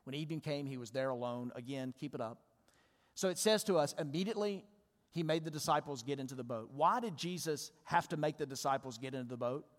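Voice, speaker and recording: A man's voice: medium pitch, fast. A male pastor giving a sermon in a church, talking conversationally and asking his congregation questions. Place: church sanctuary. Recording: long church reverb.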